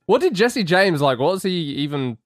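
A man's voice: fairly high pitch, sing-song, normal speed, no echo, studio quality. A man co-hosting a casual podcast chat, joking and swearing, throwing in mock quotes. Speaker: podcast co-host.

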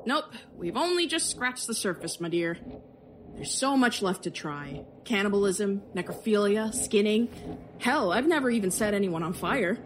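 A woman's voice: mid-range voice, lively intonation, normal speed, slight background noise, lightly acted. A woman playing a gleeful cruel killer. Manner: gleeful, casual, mocking. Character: gleeful cruel female serial killer, young adult. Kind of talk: audio drama acting.

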